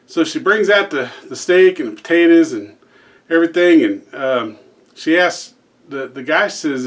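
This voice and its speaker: A man's voice: fairly high pitch, animated, moderate pace, fairly bright tone. A man who hosts a joke channel, casually telling a long joke with restarts and fillers.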